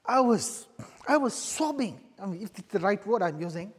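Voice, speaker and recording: Earnest high-voiced preacher in a reverberant hall. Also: male voice, expressive, husky. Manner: earnest, halting, many restarts and repeated phrases. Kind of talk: sermon with personal testimony.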